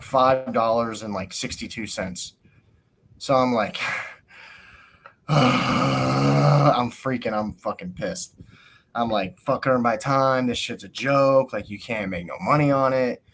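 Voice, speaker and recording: A man hosting a podcast, telling a story in a casual, ranting way, swearing often and acting out what people said. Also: lowish voice. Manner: animated rant, swears often, acts out quotes. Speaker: podcast host.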